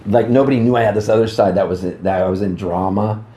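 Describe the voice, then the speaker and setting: A man in his fifties, a musician, telling rambling, animated anecdotes in a casual interview backstage at a music club. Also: lowish voice, quick pace, roomy sound, a little hiss or hum. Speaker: musician guest.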